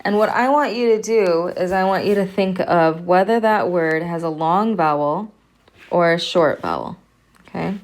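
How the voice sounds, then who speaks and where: A woman's voice: lowish voice, normal speed. A woman professor giving a recorded lecture, patiently repeating sounds for her students to hear. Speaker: Arabic language professor.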